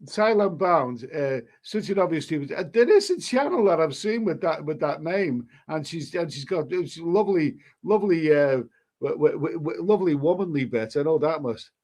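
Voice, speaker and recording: A man's voice: fairly high pitch, lively intonation, normal speed, darkish tone. Blunt, sniffly man chatting with viewers. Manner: blunt and crude, swears freely, stammers and repeats himself. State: sniffling with hay fever. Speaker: YouTube host reading live chat. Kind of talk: casual live-stream chat.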